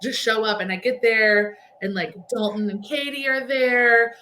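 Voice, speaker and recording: A woman's voice: fairly high pitch, fairly even intonation, unhurried, pushed and bright, slight background noise. A woman guest on a podcast, telling a long story in casual chat, full of "like" fillers. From Texas. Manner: chatty storyteller, lots of "like" fillers.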